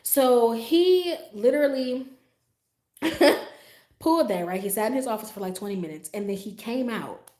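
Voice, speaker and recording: Profane, animated woman telling a story. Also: a little high, normal speed. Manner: animated, profane, acts out her own reactions; talks straight to her viewers with frequent asides. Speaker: livestream host telling a story. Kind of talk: casual storytime monologue. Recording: roomy echo.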